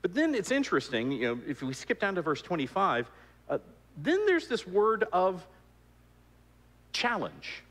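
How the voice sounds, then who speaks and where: A man's voice: high voice, wildly swooping pitch, measured pace, long pauses, a bit bright. A man giving a conversational sermon, with frequent restarts and fillers. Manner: conversational, repeats words, many fillers and restarts. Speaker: preacher. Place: church sanctuary. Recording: long church reverb.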